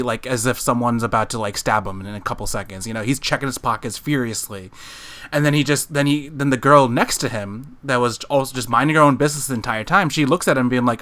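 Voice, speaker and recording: A man's voice: medium pitch, a little fast, a bit bright. Rambling man telling a story. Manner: rambling storyteller, many fillers and restarts. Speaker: podcast co-host. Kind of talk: casual chat. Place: living room.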